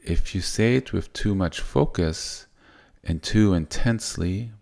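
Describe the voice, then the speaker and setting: A man giving soft-spoken, unhurried spiritual teaching, often restarting his sentences. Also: deep voice, creaky.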